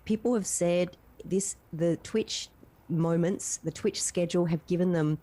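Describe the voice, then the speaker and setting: A woman's voice: fairly low pitch, a little slow, mellow. A woman chatting as a guest, earnest and heartfelt, rambling with restarts. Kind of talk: casual chat.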